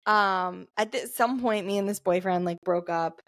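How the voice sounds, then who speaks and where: A woman's voice: mid-range voice, moderate pace, a bit bright, dry recording. Young woman podcast co-host, chatty storyteller, dry close sound. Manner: chatty, lots of "like" fillers, laughs often. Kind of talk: casual storytelling chat.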